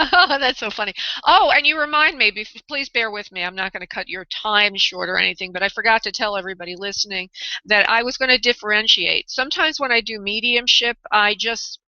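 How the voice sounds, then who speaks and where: A woman's voice: medium pitch, a little fast, bright, forceful tone, no echo. A woman with a New York accent hosting a live call-in psychic radio show, chatty and laughing often. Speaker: psychic medium radio host. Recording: dull lo-fi internet radio audio.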